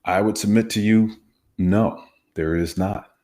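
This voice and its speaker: A former hostage negotiator teaches conversation skills, explaining techniques emphatically and acting out examples aloud. His voice is lowish and dark, with fairly even intonation and a measured pace.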